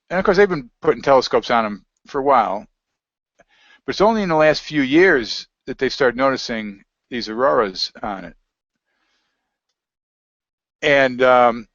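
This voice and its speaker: A man's voice: medium pitch, a bit bright, no room sound. A man talking casually as an interview guest, rambling and reading aloud from web pages. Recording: dry, dull lo-fi audio.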